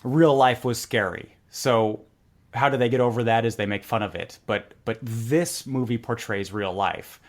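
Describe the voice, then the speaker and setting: A man as a podcast guest, telling stories in a relaxed conversational way and acting out quoted lines. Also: medium pitch, moderate pace. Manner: animated, acts out quoted lines in a joke. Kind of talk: conversational storytelling.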